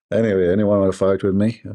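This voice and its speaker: A man's voice: fairly low pitch, dark tone. A man hosting a livestream, giving mocking commentary in a sarcastic manner, laughing often and mimicking voices. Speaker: livestream host.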